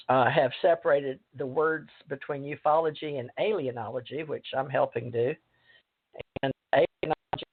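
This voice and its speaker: A woman hosting a talk radio show, rambling and halting with many fillers. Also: very deep voice. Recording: tinny phone line.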